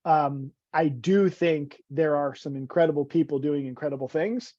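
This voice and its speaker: A man's voice: fairly high pitch, moderate pace, darkish tone, no echo. A man in his forties, a guest in a casual podcast conversation, talks in a rambling, self-deprecating way with many stammered restarts. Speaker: guest, vitality coach. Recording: dull, dry, lo-fi audio.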